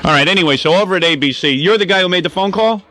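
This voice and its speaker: A man's voice: sits high, racing, sharp tone. A man hosting a radio talk show, brash and wisecracking, interrupting with jokes. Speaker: radio host.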